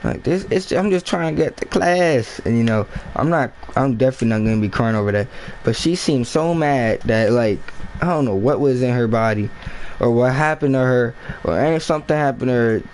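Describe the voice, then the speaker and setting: A man's voice: medium pitch, brisk, darkish tone, slight background noise, rough recording. Slangy man telling a story. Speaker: vlogger. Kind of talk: casual storytime vlog.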